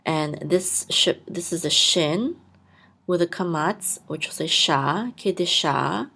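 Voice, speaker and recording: Low-voiced woman slowly teaching Hebrew letters. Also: vocal fry, pushed and bright, slightly rough. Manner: patient, sounds out syllables and repeats words. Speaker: podcast host and Hebrew blessing teacher. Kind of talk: slow step-by-step reading lesson.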